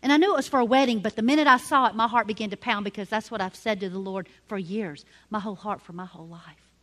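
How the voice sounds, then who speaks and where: Middle-aged lady preacher, kinda high voice, punchy, spells words out slow. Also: steady tone, fairly bright tone. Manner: emphatic, spells key words out slowly. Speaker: women's ministry teacher. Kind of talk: sermon.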